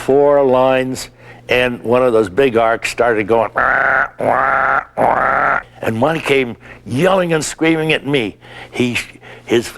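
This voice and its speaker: An older man being interviewed, telling stories with lively energy. He acts out quotes as he goes. His voice sits at a middle pitch. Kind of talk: anecdotal recollection.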